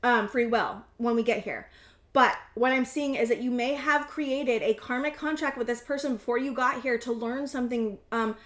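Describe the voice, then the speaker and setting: 30s woman doing a tarot reading, kinda high voice, rambly, lots of restarts, echoey room. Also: normal speed, fairly bright tone. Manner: rambling, intuitive, with many restarts and fillers. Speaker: tarot reader. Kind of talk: casual tarot reading to camera.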